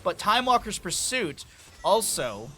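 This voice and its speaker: Young male caster, slightly high voice, chatty and excitable, headset over faint game sounds. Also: measured pace, slight background noise. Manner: chatty, jumps from banter to excited play-by-play. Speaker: esports caster. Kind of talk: solo game commentary.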